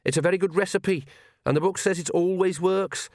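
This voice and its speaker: A bashful young witch stumbling over her words, as a man puts her on. The voice lifts higher and tumbles out in halting bursts, full of ums and stalls. It sounds dry and close. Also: a little mellow, dry recording, natural voice. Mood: flustered. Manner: stammering, hesitant, full of ums. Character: nervous young witch girl, awkward.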